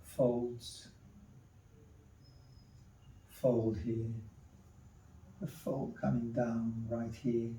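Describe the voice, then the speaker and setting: Slow, mellow-voiced man narrating a drawing. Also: medium pitch, creaky, a little hiss or hum. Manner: terse murmured step-by-step remarks while working. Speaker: artist. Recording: echoey room, distant mic.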